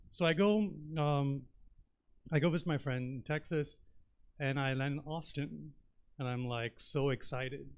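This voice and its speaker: A man from India performs a stand-up set on a comedy theater stage. His voice sits at an ordinary middle pitch. He talks in a loose, rambling way, full of fillers. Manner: chatty, rambling delivery with many fillers.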